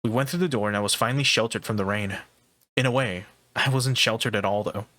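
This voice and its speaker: A man streaming a game, reading visual novel text aloud in steady first-person narration with small stumbles. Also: lowish voice, fast talker, no room sound, rough recording. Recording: game music in background. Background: game music.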